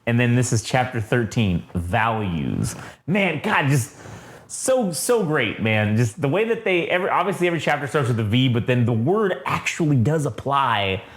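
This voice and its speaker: A man's voice: medium pitch, very animated, moderate pace, echoey room. A man co-hosting a podcast, retelling a comic's plot casually with lots of swearing and acted-out quotes. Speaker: podcast co-host. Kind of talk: casual comic review chat.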